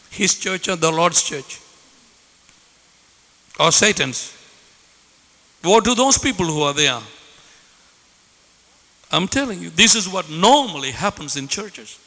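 Man, pastor, sermon, high voice, very bright, impassioned, shouting at times, echoey hall. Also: animated, slow, long pauses. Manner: impassioned, fervent, bursts into shouting.

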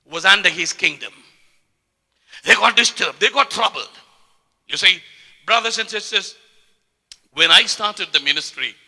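A man preaching a sermon with passion, often repeating words and swinging from quiet to loud. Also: high voice, vocal fry. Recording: long hall reverb.

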